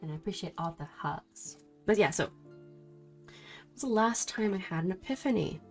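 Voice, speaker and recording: A woman streaming a casual tarot study session, chatting warmly with her viewers and greeting them affectionately. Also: medium pitch, expressive, moderate pace, faint music behind. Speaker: streamer reading tarot cards. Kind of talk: casual livestream chat.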